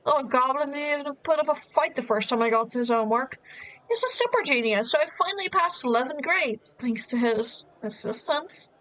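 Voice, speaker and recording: A woman voicing an arrogant male high-school bully, reading his taunting lines from a dating game. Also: a bit bright, dry recording. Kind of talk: reading a game's lines aloud.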